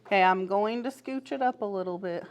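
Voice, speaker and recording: A woman teaching preschoolers in a classroom, encouraging them with frequent praise and gentle teasing. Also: mid-range voice, a little fast, a little hiss or hum. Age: adult. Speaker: pre-K teacher. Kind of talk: classroom instruction to small children.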